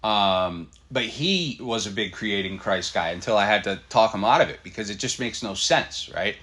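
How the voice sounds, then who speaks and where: A man with a fairly low voice talks through a reaction video from his desk. He is blunt and fired up, swears now and then, and fills his pauses with ums and uhs. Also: a bit bright, slightly rough. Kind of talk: casual reaction commentary. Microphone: computer setup at a desk.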